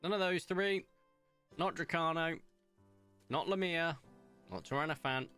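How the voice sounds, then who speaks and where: A man's voice: on the high side, unhurried, smooth, soft background music. A young man chatting casually while streaming a video game, rambling through stories and comments as he plays. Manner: chatty, rambling, animated storytelling.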